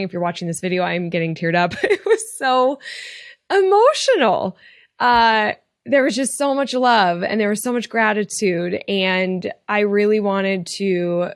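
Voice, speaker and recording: A woman's voice: medium pitch, clean tone, dry recording, clean studio sound. A woman hosting a retail podcast, talking casually with earnest encouragement and open emotion. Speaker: podcast host and retail coach. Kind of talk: casual motivational podcast talk.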